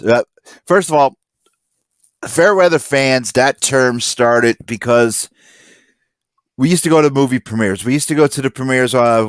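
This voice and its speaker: A man telling stories in a casual podcast chat, acting out quotes loudly. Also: on the low side, no echo, studio quality. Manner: animated storyteller, acts out quotes loudly. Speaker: podcast guest.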